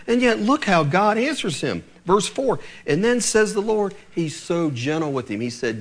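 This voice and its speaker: A man preaching a sermon, acting out the people in the story as he goes. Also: moderate pace. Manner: animated preaching, acting out voices with swings of pitch. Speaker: pastor.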